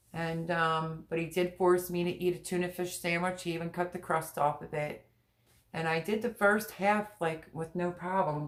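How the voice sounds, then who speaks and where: A middle-aged woman hosting a casual livestream chat from home, talking in a candid, emotional and rambling way and repeating herself. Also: on the low side. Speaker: livestream host. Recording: echoey room.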